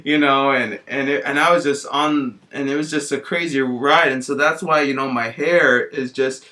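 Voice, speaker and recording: A man tells an in-character story in a loose, rambling monologue. He fills almost every pause with "you know" and restarts his sentences often. His voice has a bright, somewhat tense edge. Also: medium pitch, steady tone. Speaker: vlogger.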